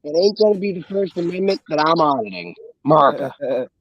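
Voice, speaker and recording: A man's voice: high voice, sing-song, quick pace, highs cut off. A man, a guest on an online chat show, joking and repeating a catchphrase, sounding exhausted.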